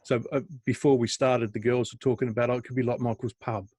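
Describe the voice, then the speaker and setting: A man's voice: medium pitch, level tone, fast talker, a little mellow, dry recording. A middle-aged man, co-hosting a podcast in a rambling, chatty way, often laughing and restarting his sentences. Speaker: podcast co-host. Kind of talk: casual chat.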